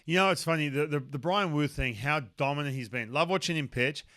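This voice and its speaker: A man with an Australian accent hosting a casual sports podcast, chatty and excitable, full of restarts. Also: on the high side, fairly quick, no echo, studio quality. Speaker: podcast host.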